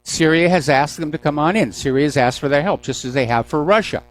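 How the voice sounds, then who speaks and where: A man's voice: fairly high pitch, a little fast. A man hosting a news commentary call-in radio show, delivering sarcastic, mocking asides. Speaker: radio talk show host.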